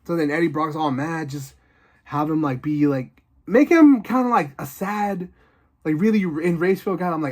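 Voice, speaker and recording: A man casually rambling through his own movie ideas, excited and loose with lots of fillers. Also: fairly high pitch, moderate pace. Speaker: video host.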